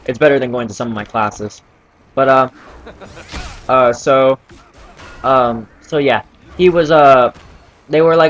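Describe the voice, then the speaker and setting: A man's voice: mid-range voice, measured pace, long pauses, fairly bright tone, dull audio. A teenage boy casually telling a story from school, rambling with many fillers and restarts. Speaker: vlogger.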